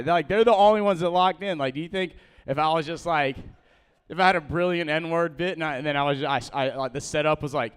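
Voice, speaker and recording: A young man doing a rambling, halting open-mic stand-up set, full of fillers and restarts, laughing at his own jokes. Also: on the high side, clean tone. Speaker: stand-up comedian.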